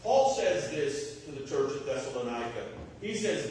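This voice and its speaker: Texan pastor preaching in an echoey church. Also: male voice, mid-range voice, sing-song, moderate pace, few pauses, darkish tone. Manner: conversational preaching with rhetorical questions and homely examples. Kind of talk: sermon. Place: church sanctuary. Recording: echoey church hall, mic at a distance.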